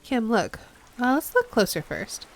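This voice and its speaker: A woman's voice: fairly high pitch, wildly swooping pitch, a little slow. A young woman streaming a game, playful and chatty, reading the text aloud and commenting as she goes. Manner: playful, chatty, laughs often. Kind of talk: game let's play with read-aloud narration.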